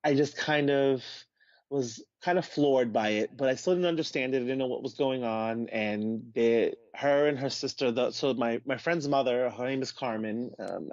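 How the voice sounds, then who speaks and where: A man's voice: mid-range voice, normal speed, no room sound. A man, a podcast guest, telling a personal story in a casual way and acting out the voices of the people he quotes. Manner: animated, acts out quoted voices. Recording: dull, dry podcast audio.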